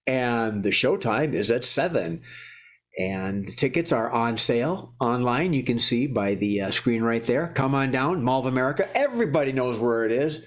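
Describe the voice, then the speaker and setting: A man's voice: medium pitch, expressive, normal speed. A man hosting a live improv comedy show, rambling and joking with lots of restarts. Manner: rambling, jokey, many restarts. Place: warm indoor studio.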